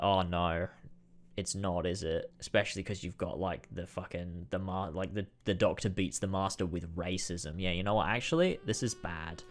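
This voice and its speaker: A deep-voiced man, slightly bright in tone, ranks episodes for his video in a casual manner. He sounds exasperated, sighing and cursing a lot.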